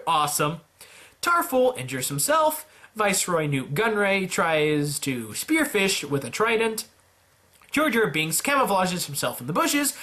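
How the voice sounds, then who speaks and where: A man doing casual, playful play-by-play commentary on a simulated game, with jokey asides and sudden jumps in pitch. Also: bright, forceful tone. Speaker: YouTuber narrating a simulator game.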